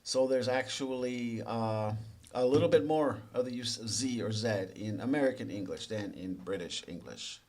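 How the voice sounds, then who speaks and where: A man's voice: medium pitch, moderate pace. Male English teacher, mid-range voice, quizzing then explaining, easygoing delivery. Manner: asks the viewer quiz questions, then explains; relaxed and conversational, with small restarts. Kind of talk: explanatory lesson narration.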